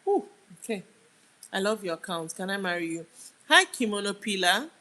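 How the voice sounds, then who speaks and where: A woman's voice: mid-range voice, big pitch swings, moderate pace, bright, forceful tone, rough recording. A young woman with a Nigerian accent hosts a casual livestream. She chats with her viewers and reads out their comments as she goes, often trailing off mid-sentence. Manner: chatty, answers comments aloud, drifts off mid-sentence. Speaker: livestream host.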